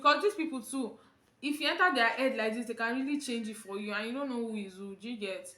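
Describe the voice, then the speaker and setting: A woman's voice: a little high, fast, echoey room. A young Nigerian woman vlogger with a Nigerian accent, telling a storytime tale and acting out quotes. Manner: animated storytelling, acting out quotes in Pidgin and Yoruba. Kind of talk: storytime vlog.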